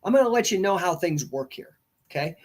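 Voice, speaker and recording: Middle-aged male coach-host, high voice, casual rambling delivery, acts out client back-and-forth. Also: expressive, brisk. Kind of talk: casual livestream monologue.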